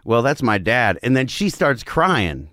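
A man's voice: mid-range voice, sing-song, measured pace, fairly bright tone, no echo, studio quality. A man in his forties from northern Florida, telling a story in a casual, profane way and acting out the quotes. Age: 40s. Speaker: podcast guest.

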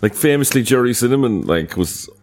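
A man's voice: mid-range voice, lively intonation, a little fast, a little mellow. A man with an East Cork Irish accent, co-hosting a casual podcast chat, rambling and sweary with lots of fillers. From Ireland. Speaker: podcast co-host.

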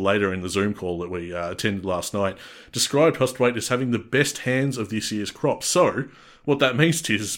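A man's voice: medium pitch, fairly bright tone. An Australian man co-hosting a casual sports podcast, chatty and reading out player details with frequent restarts. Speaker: podcast co-host.

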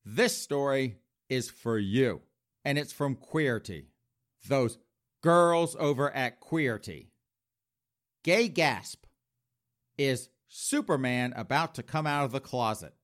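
A man's voice: mid-range voice, animated, takes it slowly. A man hosting a podcast, delivering a sarcastic, campy comedic monologue. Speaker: podcast host.

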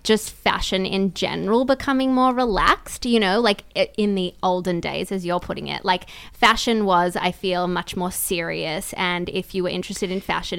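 Chatty young woman co-host, gravelly edge. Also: mid-range voice, fairly bright tone. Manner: chatty, informal, filler-heavy. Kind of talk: podcast interview.

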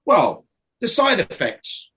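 A man's voice: high-pitched, huge pitch swings, takes it slowly, sharp tone. A man speaking as a guest, telling his story in a rambling, casual way, often restarting and laughing.

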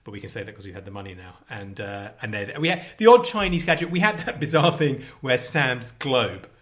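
A man's voice: medium pitch, expressive, brisk, fairly bright tone. A man co-hosting a casual chat at home in his kitchen, playful and jumping between ideas with many restarts. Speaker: podcast co-host.

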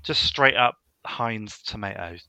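A man's voice: fairly low pitch, slow pace, vocal fry, bright, forceful tone, no room sound. A young man co-hosting a podcast, teasing and cheeky in casual chat, swearing freely. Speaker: podcast co-host.

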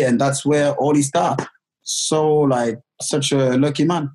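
A man, telling a personal story in a halting, casual way with many restarts. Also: medium pitch, steady tone, a little mellow, a little hiss or hum, low-quality recording. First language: French. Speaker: guest telling his life story.

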